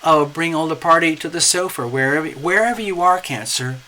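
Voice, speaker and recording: A man's voice: a little high, a little fast, low-quality recording. A man giving a casual, coaxing tarot reading, often checking in with "okay?". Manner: animated, coaxing, repeats "okay?". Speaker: tarot reader.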